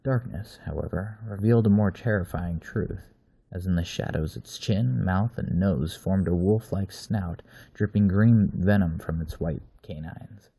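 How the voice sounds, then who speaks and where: A man reading a dark story aloud with slow, measured narration. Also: low voice, creaky, breathy edge, no room sound.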